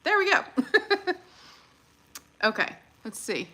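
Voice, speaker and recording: A woman chatting casually on a livestream, excitable and laughing often as she talks her viewers through what she is doing. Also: on the high side, a little slow, long pauses, slightly rough. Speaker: livestream host.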